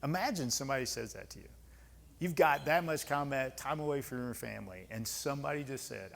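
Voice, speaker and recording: A retired US Army senior leader in his fifties lectures and responds to audience questions in a club lecture hall, where long reverb and slight background noise surround him. His mid-range voice is gravelly, fairly bright and fairly quick, and his candid stories come out blunt, conversational and emphatic, with folksy asides.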